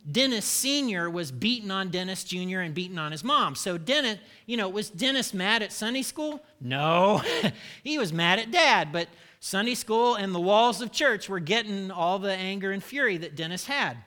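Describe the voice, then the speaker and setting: A man's voice: sits high, animated, normal speed, sharp tone. A middle-aged man preaching a sermon, telling candid, self-deprecating stories about himself. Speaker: pastor.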